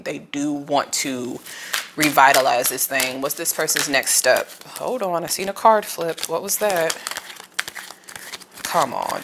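A woman's voice: low voice, vocal fry, noisy background. A woman giving a casual tarot reading to camera, chatty and emotional, using slang and speaking straight to the viewer. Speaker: tarot reader.

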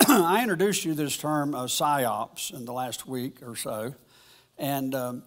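A man leads a church Bible lesson in a loose, conversational way. His voice is husky and a little breathy, and he wanders through his points, pausing and circling back to restart his sentences. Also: mid-range voice. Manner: rambling, halting, with frequent restarts. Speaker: church teacher. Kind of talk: informal Bible teaching.

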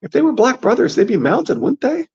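Man voicing practical young girl, high raised pitch, husky underneath. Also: very animated, brisk, a little mellow, exaggerated voice. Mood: wary. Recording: dull lo-fi recording.

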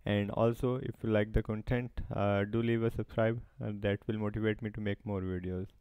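Flat, low-voiced man reviewing websites. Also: moderate pace, clean tone, no room sound, muffled recording. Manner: hesitant, frequent "uh" fillers. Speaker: website review channel host. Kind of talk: scripted review monologue.

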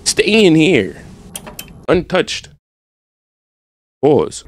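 A man's voice: mid-range voice, moderate pace, creaky, pauses often. A young man doing casual, trash-talking commentary while playing a game. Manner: animated, trash-talking, slangy. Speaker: gaming streamer.

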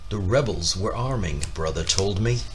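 A man reading a children's picture book aloud, expressive and lifting his voice for the characters' lines. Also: normal speed. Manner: expressive, voicing characters with raised pitch. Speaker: storybook reader.

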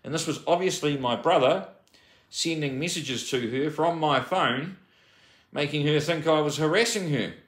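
A man's voice: on the high side, moderate pace, fairly bright tone. Agitated New man, echoey room. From New Zealand. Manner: agitated, rambling, with frequent restarts and swearing. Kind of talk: personal storytelling to camera.

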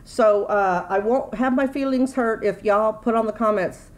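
Chatty woman, fairly high voice. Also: moderate pace, rough recording. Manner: chatty, rambling, folksy. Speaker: YouTube vlogger. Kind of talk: casual grocery haul vlog.

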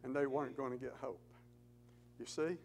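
A Gideons speaker gives an earnest testimony talk in church, telling stories with rising emphasis. His medium-pitched, slightly mellow voice moves at a moderate pace with fairly even intonation, on a low-quality recording with slight background noise.

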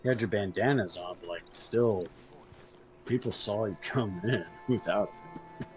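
A woman's voice: a bass voice, measured pace, faint music behind, rough recording. A woman chatting casually with a streamer in a teasing, dry way. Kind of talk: casual chat.

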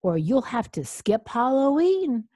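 A man's voice: extremely high pitch, very animated, a little slow, dark tone, no echo, studio quality, voice pushed up, exaggerated voice. A woman voicing a loyal male butler who firmly insists in a storybook reading. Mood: insistent. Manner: firm, insisting.

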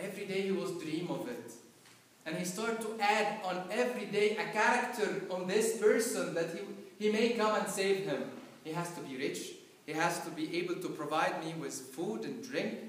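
A man preaching a sermon in a church, telling a story slowly and building up to loud cries. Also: sits high. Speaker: priest. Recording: echoey live church recording from far off.

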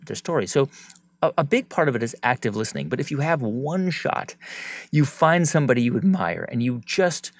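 Podcast guest, man, lively swinging delivery, dry close mic, reflective. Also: medium pitch, husky, dry recording. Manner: reflective, animated when acting out examples. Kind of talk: conversational interview.

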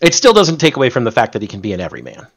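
A man in casual discussion, animated and profane, often restarting his sentences. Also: mid-range voice, very fast. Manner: animated, swears freely, stumbles and restarts.

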